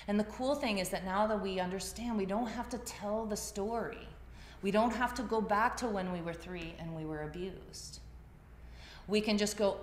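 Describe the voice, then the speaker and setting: Lower-voiced woman teaching in an echoey room. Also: slight background noise. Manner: conversational storytelling. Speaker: yoga teacher. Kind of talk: class talk. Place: class room. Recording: echoey room, faint ambience.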